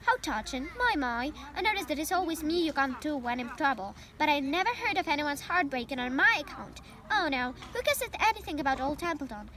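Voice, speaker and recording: A woman's voice: high-pitched, lively intonation, fairly quick, few pauses. Templeton, a woman doing a sarcastic grumbling rat. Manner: mocking, disgusted, grumbling.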